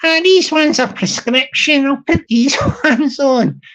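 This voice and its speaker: A vain little Glaswegian woman, voiced by a man, coos at her reflection in a lilting, self-admiring tone. She talks higher than his own voice, a bit louder and slower, drawing out each word as she admires herself. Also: exaggerated voice, low-quality recording. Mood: preening. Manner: self-admiring, sing-song.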